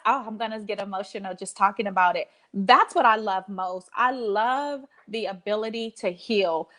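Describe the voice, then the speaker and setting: A woman in her thirties speaks in a fairly high voice as a guest on a podcast. She talks with a preacher's emphasis and repeats phrases as she drives each point home. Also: bright, forceful tone. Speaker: podcast guest, life coach. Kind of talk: casual heartfelt interview talk.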